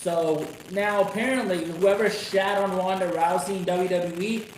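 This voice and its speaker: A man ranting on a casual live stream about wrestling, swearing constantly and rambling with sudden excited outbursts. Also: high voice, moderate pace. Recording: echoey room with noisy background.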